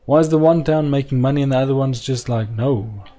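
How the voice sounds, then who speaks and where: A man's voice: medium pitch, fairly quick, mellow. A man commenting on his own strategy game session as he plays, talking to himself and his viewers and repeatedly asking aloud why things aren't working. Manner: exasperated, keeps asking aloud why things don't work. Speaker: gameplay video host.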